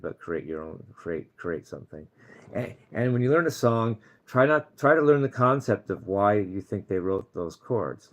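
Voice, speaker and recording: Deep-voiced male vlogger, rambling, stammering restarts, earnest preachy advice to viewers. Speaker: channel host. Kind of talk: casual vlog monologue.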